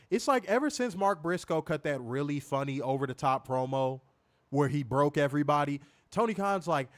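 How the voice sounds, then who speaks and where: Speaking in a fairly high voice, a man hosts a wrestling review livestream, cursing in a casual way, repeating himself, and reading viewer comments out loud. The recording is dry.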